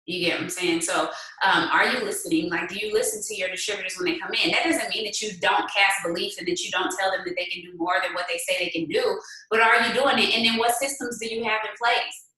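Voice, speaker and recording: A woman with a bright, forceful voice coaches her sales team, pushing them with question after question in a lively, chatty flow. She sounds distant from the mic in a very echoey room. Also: medium pitch, fast talker. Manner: animated, rhetorical questions, conversational. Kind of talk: motivational team talk.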